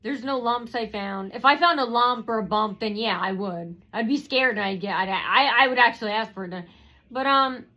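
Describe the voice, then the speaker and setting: A woman's voice: on the high side, moderate pace, pushed and bright, rough recording. A woman telling a personal story in a rambling way, with many fillers and restarts.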